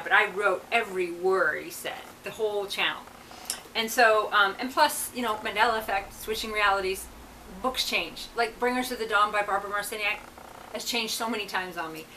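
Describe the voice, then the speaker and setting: A woman's voice: medium pitch, pushed and bright, recorded from a distance, a little hiss or hum, rough recording. A woman reverend in casual, rambling talk with many asides, reading aloud from channeled texts.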